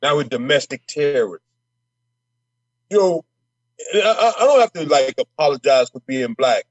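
A man's voice: a little high, very animated, normal speed, no echo, highs cut off. A man speaking as a state legislator guest in an interview, emphatic and fiery, repeating words as he heats up. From Minnesota. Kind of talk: passionate interview talk.

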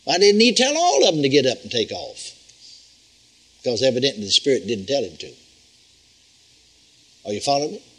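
Older preacher, lively husky folksy voice. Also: male voice, mid-range voice, a little fast, pauses often, low-quality recording. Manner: folksy, animated teaching with repetitions. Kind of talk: sermon. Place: church healing school.

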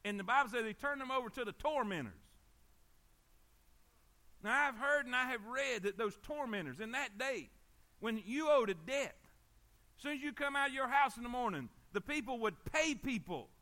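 A man preaching a sermon. His voice is high and bright. He repeats himself for emphasis and keeps asking the congregation for an amen. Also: animated, normal speed. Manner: emphatic, repetitive, calls for amens. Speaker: pastor.

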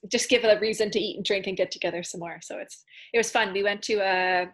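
Woman guest on a zoom chat, thoughtful and giggly, mid-pitched voice. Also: steady tone, fast talker. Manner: warm, reflective, giggly. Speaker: podcast guest. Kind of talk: casual heartfelt conversation. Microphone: video call.

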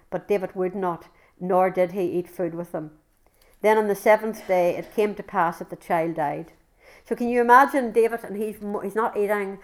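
Earnest woman preacher. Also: mid-range voice. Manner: earnest, fervent, repeats words as she goes. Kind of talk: sermon with scripture reading.

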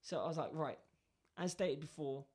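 A man's voice: a little high, normal speed, breathy edge. A man telling a workplace story in casual chat, acting out both sides of the conversation. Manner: animated, acts out both sides of dialogue.

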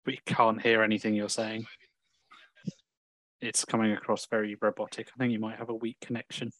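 A man's voice: fairly low pitch, flat delivery, moderate pace, a bit bright, no room sound. A man playing a tabletop game over a voice call, chatting casually and explaining the rules. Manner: rules-minded, explaining mechanics. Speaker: player. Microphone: home mic on a voice call.

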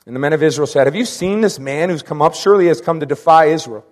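A man's voice: fairly high pitch, fast, in a large hall. A man preaching a sermon, reading scripture and repeating his key lines with emphasis, sometimes acting out the people he quotes.

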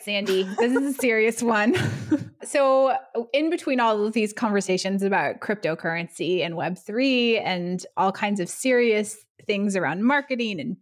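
Upbeat woman podcast co-host. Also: medium pitch. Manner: upbeat, laughs often. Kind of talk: casual podcast chat.

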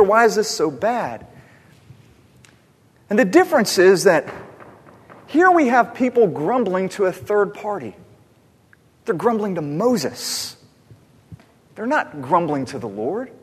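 A man preaching a sermon as pastor, conversational and animated, asking rhetorical questions of the congregation. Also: sits high, unhurried, pauses often, breathy edge, in a large hall.

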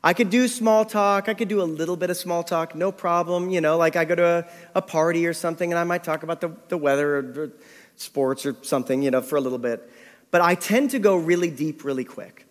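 Middle-aged male pastor, lively storyteller with a slightly high voice, preaching in a reverberant hall. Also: fairly quick. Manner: animated storytelling, acting out his own thoughts. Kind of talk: storytelling sermon.

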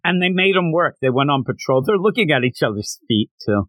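A man's voice: a little high, brisk, no echo. A man co-hosting a podcast, recapping a manga chapter in casual chat and acting out the characters' lines. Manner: animated, acts out character lines in voices. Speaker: podcast co-host.

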